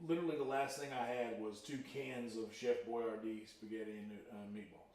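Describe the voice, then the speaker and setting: A man hosting a casual cooking livestream from his home kitchen, excitable and boastful, exclaiming loudly about his own food. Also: mid-range voice, fairly quick, roomy sound, slight background noise. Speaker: livestream host.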